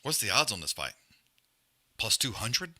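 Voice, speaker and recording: A man's voice: mid-range voice, sing-song, moderate pace, sharp tone. A man hosting a live fight watch-along, trash-talking fighters in blunt, profane casual chat. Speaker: live stream host.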